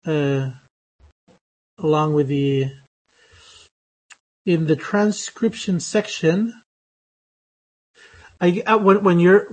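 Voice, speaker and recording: A man teaching English phonetics in a lecture, speaking with many hesitations, fillers and restarts. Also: a little high. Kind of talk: online lecture.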